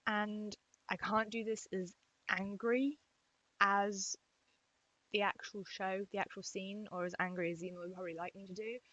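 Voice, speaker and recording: A young English woman vlogging at home to her webcam, chatty and self-deprecating, talking quietly so as not to wake the household. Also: medium pitch, steady tone, moderate pace, no echo, dull audio. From England. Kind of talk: casual webcam vlog. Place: room at home.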